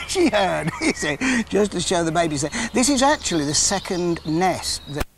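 A man in his sixties from England presenting a live wildlife broadcast in a chatty, jokey, self-deprecating way. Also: fairly high pitch. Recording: faint outdoor background noise.

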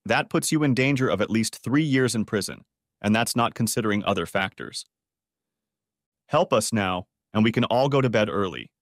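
A stern plainclothes detective, played by the male narrator, laying out consequences in a firm, matter-of-fact manner. The voice moves lively in pitch over a dry, close recording. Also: moderate pace, no echo.

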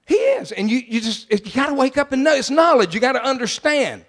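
Preaching in an emphatic, folksy manner, a middle-aged pastor speaks in a voice notably high for a man. It's sing-song, fairly quick and a bit bright, and a long echo carries it through the church sanctuary.

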